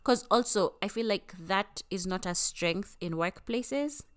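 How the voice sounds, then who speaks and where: A woman co-hosting a podcast, talking in a blunt, animated, casual way and swearing freely. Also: mid-range voice, unhurried. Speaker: podcast co-host. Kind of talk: casual chat.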